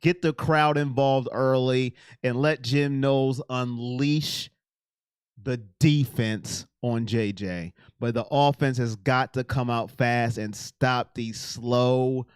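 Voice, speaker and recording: A man hosting a sports livestream, chatting excitedly and directly with his viewers. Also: mid-range voice, takes it slowly, smooth, no echo, clean studio sound. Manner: excitable, talks straight to chat. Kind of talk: casual live-stream chat with viewers.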